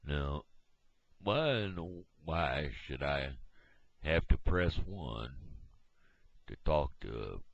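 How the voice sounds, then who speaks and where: A man doing a gruff old cowboy. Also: extremely low pitch, sing-song, drawn-out words, pauses often, dry recording, exaggerated voice. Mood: grumbling. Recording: dull lo-fi home recording.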